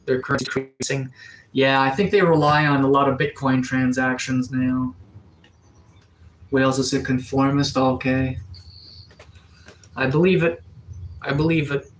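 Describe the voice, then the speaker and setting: A man's voice: medium pitch, steady tone, a little slow, long pauses, a little hiss or hum, poor audio. A man from Atlantic Canada with a cold, casually reading out and answering chat comments on a live stream. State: has a cold. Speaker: livestreamer. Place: sunroom.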